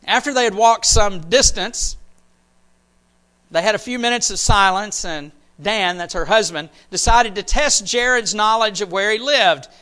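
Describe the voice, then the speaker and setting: Slow, bright-voiced man preaching a sermon. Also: high-pitched. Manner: animated preaching, drops to near whisper for emphasis, repeats phrases. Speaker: pastor.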